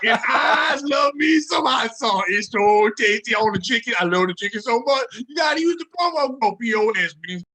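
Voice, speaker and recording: A man on a comedy podcast doing a loud, hammy impression of a president, drawn out and shouted. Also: high-pitched, big pitch swings, a little slow, heavily acted. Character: booming mock-presidential man hamming it up.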